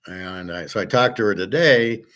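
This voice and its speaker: A man's voice: on the low side, moderate pace, a bit bright. A man hosting a casual monologue, rambling through a story with restarts and acted-out quotes. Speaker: host.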